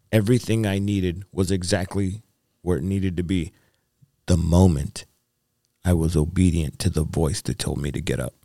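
A man's voice: sits low, warm tone, no room sound, clean studio sound. A male evangelist, the interview guest, tells his story in an earnest, rambling way with repeated phrases and fillers. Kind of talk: testimony in a podcast interview.

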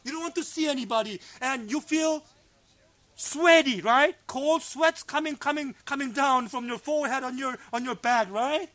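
A pastor preaching a sermon at a fellowship meeting, swinging from loud cries to hushed low tones, in English that is not his first language. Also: normal speed, dry recording.

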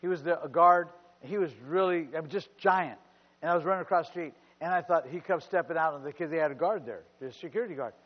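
A man's voice: fairly high pitch, fast talker. An older man preaching as a pastor, telling personal stories with fervent, rising exclamations. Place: church sanctuary. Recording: muffled church recording with long reverb.

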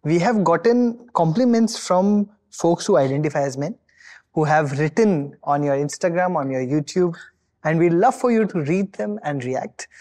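A man's voice: fairly high pitch, normal speed, a little mellow. A man with an Indian accent hosting a podcast interview, effusive and mixing Hindi into English. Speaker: podcast host.

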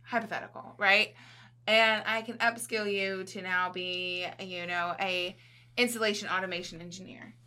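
A woman's voice: mid-range voice, fairly even intonation, moderate pace, sharp tone, smooth. A woman chatting casually as a podcast guest. She is talkative and often checks in with "right?".

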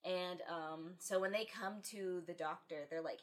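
A woman's voice: on the low side, steady tone, a little slow, hardly any pauses. A woman in a casual podcast chat, telling stories animatedly, acting out quotes and laughing often. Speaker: podcast co-host.

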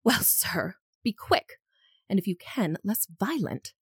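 A woman's voice: medium pitch, very animated, slow, slightly rough, no echo, clean studio sound, full character voice. A woman reading aloud the lines of a composed young lady from a period novel, firm and cool in her refusals.

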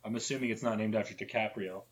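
A man's voice: on the low side, fairly even intonation, fast, over a noisy crowd. A man co-hosting a comedy podcast, joking crudely and laughing often in casual chat. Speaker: podcast co-host.

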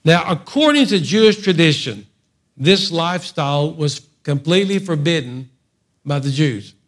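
A male preacher telling a story in a lively, animated sermon, with frequent humorous asides. His voice sits fairly high for a man. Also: moderate pace.

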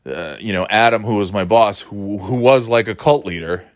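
A man's voice: lowish voice, expressive, moderate pace. A male podcast host rambles through a casual monologue, swearing freely. His storytelling is loose and self-mocking, full of restarts and asides.

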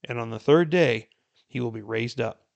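A man with a gravelly, creaky voice at a middle pitch reads scripture aloud in an earnest, unhurried way. He then slips into relaxed, chatty commentary as he explains the passage to his listeners. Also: lo-fi sound. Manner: earnest, unhurried reading that turns to warm casual commentary. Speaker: Bible reading plan host.

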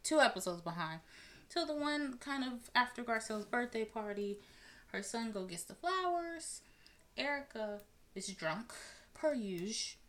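A woman hosting a casual talk podcast, giving blunt and animated commentary and swearing freely. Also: mid-range voice. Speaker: podcast host. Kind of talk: casual commentary on celebrity news.

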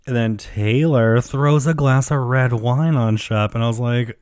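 A podcast host recaps a reality show in casual, gossipy chat, swearing, acting out quotes and using plenty of fillers. His medium-pitched, slightly mellow voice moves at normal speed with hardly any pauses, on a dry studio-quality recording.

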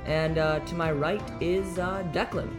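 A man's voice: a little high, fairly even intonation, measured pace, loud music behind the voice. A man co-hosting a casual podcast chat. He talks in a hesitant way, with many ums and restarts. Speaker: podcast co-host. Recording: echoey room.

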